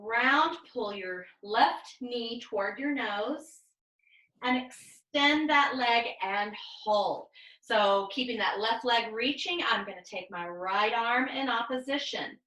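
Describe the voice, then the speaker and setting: A woman leading a pilates class over a video call, giving calm step-by-step cues and counting reps. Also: a little high, slow, reverberant, poor audio. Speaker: pilates instructor. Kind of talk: guided exercise class cues.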